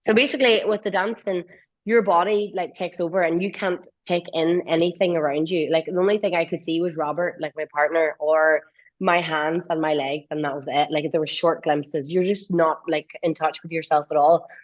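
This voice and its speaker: A woman's voice: low-pitched, steady tone, moderate pace, dull audio. A woman with an Irish accent, chatting bubbly and casually as a guest and laughing often. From Ireland. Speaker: guest singer. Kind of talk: casual interview chat.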